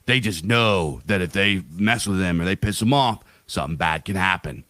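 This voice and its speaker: A man's voice: low voice, moderate pace, pushed and bright, no room sound. A man co-hosting a podcast in casual chat, rambling and profane, breaking into voiced asides. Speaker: podcast co-host.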